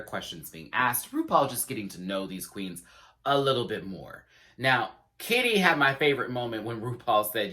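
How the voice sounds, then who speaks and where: A man giving a casual, sassy review of a show, acting out quotes in dramatic voices and laughing often. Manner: sassy, animated, acts out quotes with big pitch jumps.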